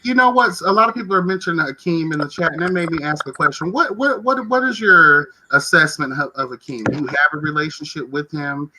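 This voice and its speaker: A man hosting a casual live-stream chat and interviewing a guest over a video call, in an animated way. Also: fairly high pitch, fairly quick, few pauses, background noise. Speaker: host of an online reality-show review stream.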